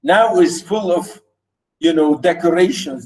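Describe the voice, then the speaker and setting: High-voiced man explaining literature. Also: lively intonation, a little slow, rough recording. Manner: repetitive, explanatory, emphatic restating. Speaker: literature teacher. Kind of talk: recorded literature lecture.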